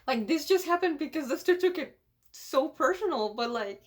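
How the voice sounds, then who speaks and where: A woman giving casual reaction commentary, emotional and quick to laugh and exclaim. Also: high voice, expressive. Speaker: anime reactor.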